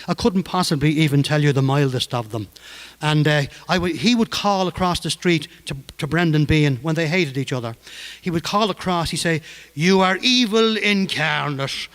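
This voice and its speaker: A man's voice: fairly high pitch, a little fast. Older man telling stories. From Ireland, Dublin. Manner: humorous, lively. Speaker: storyteller. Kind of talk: anecdotal storytelling.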